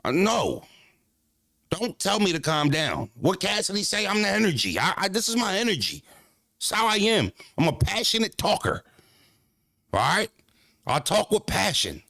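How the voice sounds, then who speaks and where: Animated streamer man, dry close mic. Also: sits high, moderate pace, creaky, pauses often, dry recording. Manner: animated, profane street slang, talks back to chat. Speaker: streamer reacting to chat. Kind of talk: casual livestream talk.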